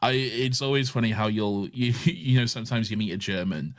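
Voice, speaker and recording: Casting: male podcast co-host, giggly, animated pitch, loose chatty delivery. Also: fairly quick. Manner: giggly, puts on silly voices, trails off. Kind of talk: casual chat.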